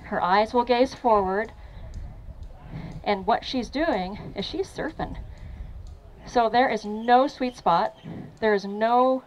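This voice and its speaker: A woman fitness trainer running a lively training demo for a crowd at an outdoor event, encouraging and laughing often. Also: a little high, slow, lo-fi sound, slight background noise.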